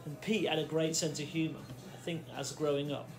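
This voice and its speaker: A slightly high, level voice moves briskly as a middle-aged man from England's Fens recounts his childhood in a casual storytelling vlog. He rambles and breaks into his own sentences, faint radio music in his home kitchen.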